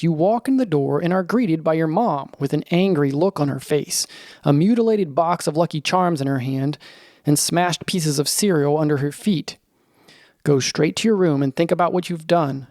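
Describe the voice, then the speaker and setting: A man narrating a scripted children's story in the second person, in a lively storytelling manner. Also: fairly high pitch, moderate pace, no echo, studio quality.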